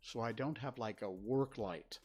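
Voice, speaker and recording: A man's voice: mid-range voice, unhurried, slightly rough. An older man chatting casually on a livestream from his home studio, rambling and dryly sarcastic as he reads his chat. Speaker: livestream host. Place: spare-bedroom streaming studio. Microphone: desk setup facing a webcam.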